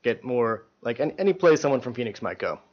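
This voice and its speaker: A man who co-runs a food blog, answering podcast questions in a relaxed, matter-of-fact way. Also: mid-range voice, brisk, slightly rough. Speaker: food blogger guest. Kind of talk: casual interview chat. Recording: dull lo-fi podcast audio.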